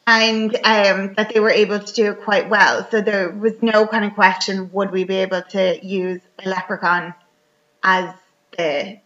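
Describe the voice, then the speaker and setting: Bright-voiced Irish woman, chatty. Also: mid-range voice, level tone, a little slow. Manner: chatty, rambling, full of fillers. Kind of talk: casual chat retelling a movie plot. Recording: dull lo-fi recording.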